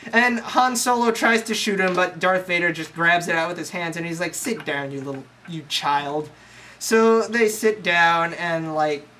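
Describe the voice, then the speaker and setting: A young storyteller rambles through a crude, slangy movie recap, scattering "like" everywhere. The voice sits at an ordinary middle pitch. Steady hiss runs under the home recording. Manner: slangy, profane, rambling with lots of "like". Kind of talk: casual comic movie recap.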